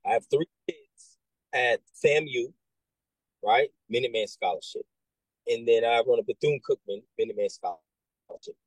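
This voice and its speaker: A man working as a military recruiter, talking casually and telling animated stories with many restarts and asides. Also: mid-range voice, normal speed, pauses often, breathy edge, no echo, poor audio. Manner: animated storyteller, acts out quoted voices, many restarts and "right?". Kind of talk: casual conversation.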